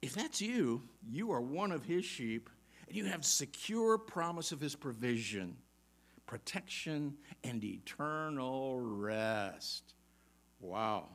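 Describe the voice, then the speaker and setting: Very animated and a bit bright, a man's mid-range voice delivers a sermon, reading scripture aloud with emphasis. He puts quick, pointed questions to his congregation and occasionally chuckles.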